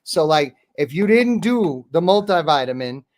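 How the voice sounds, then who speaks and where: Rambling and cursing, a male podcast host who also raps spins casual stories, dropping "bro" and "dude" constantly. His slightly high voice has a sing-song lilt at a moderate pace.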